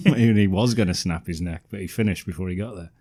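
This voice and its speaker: Deep-voiced man, sardonic co-host, casual film chat, laughs a lot. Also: brisk, mellow. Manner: dry, sardonic and often laughing. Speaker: podcast co-host.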